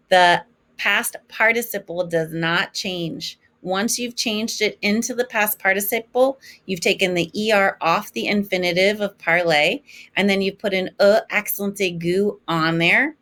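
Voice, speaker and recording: A woman teaching a French lesson in English, slowly modeling each French form for her students to repeat. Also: medium pitch, a bit bright. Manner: slow, clear modeling of French forms for repetition. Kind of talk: recorded classroom lesson.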